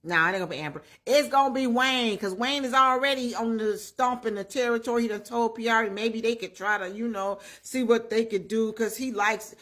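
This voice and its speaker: A woman hosting her own channel, chatting through a recap of comedy skits in a lively, storytelling way and talking straight to her viewers. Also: a little high, a little fast, few pauses. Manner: animated storyteller who acts out the characters' lines; chatty, addresses viewers directly. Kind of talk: casual recap and commentary.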